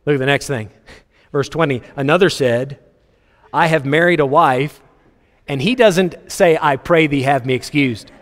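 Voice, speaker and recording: A man preaching a sermon, reading scripture aloud and joking with the congregation in an animated way. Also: on the high side, unhurried, pauses often. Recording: long hall reverb.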